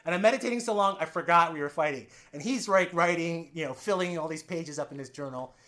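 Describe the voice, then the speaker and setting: A man telling candid personal stories as a guest on a podcast interview. His delivery swings between loud, animated bursts and low, quiet passages, and he swears freely and acts out other people's lines. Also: fast.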